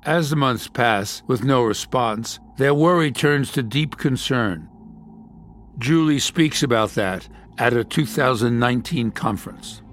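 A man reading scripted documentary narration in a measured, matter-of-fact way. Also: medium pitch, fairly bright tone, a little hiss or hum. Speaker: podcast narrator.

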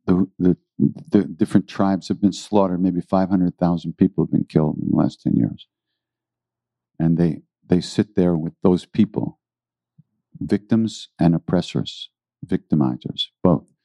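A deep-voiced man talks to a gathered audience about spiritual practice, earnest and loosely rambling, circling back to repeat his phrases. His tone is dark and mellow, recorded close and dry. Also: no echo, dull audio. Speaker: spiritual teacher giving a talk. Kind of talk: informal spiritual talk to a live audience.

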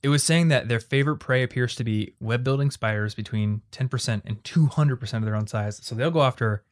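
A man's voice: medium pitch, a little fast. A young man from Iowa hosts a casual podcast chat with a friend. He rambles through a story with an easy mid-range voice and restarts his sentences as he goes. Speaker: podcast host.

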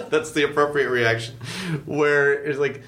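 A man's voice: on the high side, steady tone, a little slow, fairly bright tone. A man with a slightly raised voice hosts a loose, casual conversation. He talks animatedly, swears freely and acts out little back-and-forth scenes. He laughs often as he goes. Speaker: podcast host and show producer. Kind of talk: casual chat.

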